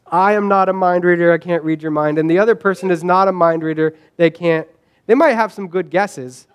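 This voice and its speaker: Brief: male pastor, high-pitched voice, chatty sermon delivery with quick asides. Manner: conversational, frequent "right?" asides, acts out quoted lines.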